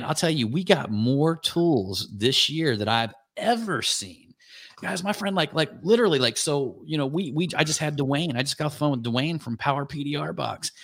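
A man hosting a casual chat, talking excitedly and rambling through long lists of names. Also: a little high, creaky, no echo, clean studio sound. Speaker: podcast host.

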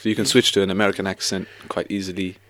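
A man's voice: low-pitched, flat delivery, very fast, fairly bright tone, no room sound. A man hosting a casual interview, asking curious questions and often repeating his words as he starts a sentence. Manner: inquisitive, stammering repeats. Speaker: podcast host.

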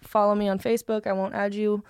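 A woman's voice: medium pitch, level tone, fast talker, darkish tone, clean tone, no room sound, clean studio sound. Offhand swearing woman on a podcast. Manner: offhand, swears casually, laughs often. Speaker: podcast co-host. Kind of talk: casual podcast chat.

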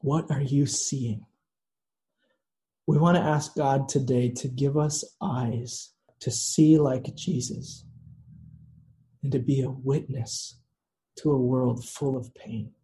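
A man preaching a sermon in a slow, earnest way, with dramatic pauses. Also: mid-range voice, fairly even intonation, dark tone. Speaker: pastor.

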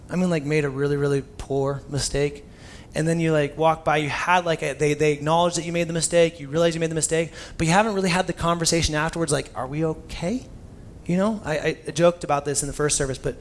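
A young man preaches in a loose, chatty storytelling way, full of casual asides. His voice sits a little high for a man, and a faint hiss of noise runs under it. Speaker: pastor. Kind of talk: sermon.

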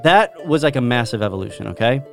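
A British man talks in an enthusiastic, lecturing way, pitched squarely in the middle. He keeps turning to his listeners with questions. Faint music plays underneath. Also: lively intonation, quick pace, vocal fry, fairly bright tone. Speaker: host explaining the history of English. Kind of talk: casual explanatory chat.

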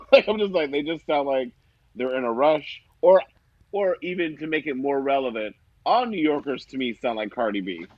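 A man from Ohio co-hosting a casual chat, animated and quick to laugh, with mock-indignant asides. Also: mid-range voice, dry recording, dull audio. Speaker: podcast co-host.

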